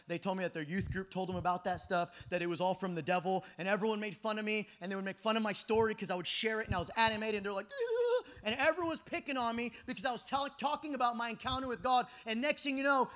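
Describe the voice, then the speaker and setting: Young male preacher, very high and bright, fervent and shouty, swings to quiet asides. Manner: impassioned, often shouting, swings between loud and hushed. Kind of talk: youth camp sermon.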